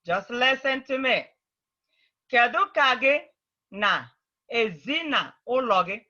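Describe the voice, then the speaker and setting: A woman teaching an Igbo language class over a video call, patiently repeating phrases slowly for her learners. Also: fairly high pitch, animated, pushed and bright, dull audio. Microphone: computer mic on a video call.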